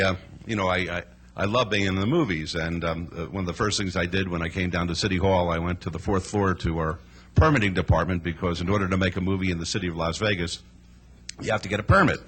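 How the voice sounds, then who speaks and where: A man serving as mayor, telling a story at a council meeting and acting out the quotes, with shouting at times. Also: sits low, slight background noise.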